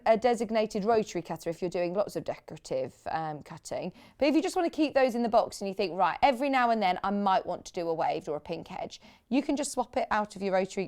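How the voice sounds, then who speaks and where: A woman from the UK presenting sewing products on a live TV shopping channel, chatting with enthusiasm and gushing over fabrics. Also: medium pitch. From United Kingdom. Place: TV studio.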